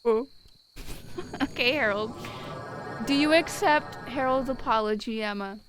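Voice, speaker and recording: A woman's voice: fairly high pitch, measured pace, fairly bright tone, faint music behind. A young woman streaming live, chatting casually and reading out viewers' messages in a blunt, wry way.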